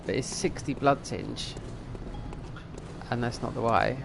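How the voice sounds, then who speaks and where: A man's voice: mid-range voice, slow, creaky, background noise. A middle-aged man, rambling and thinking aloud as he comments on a game, now and then swearing at it. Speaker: streamer. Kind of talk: casual gameplay commentary.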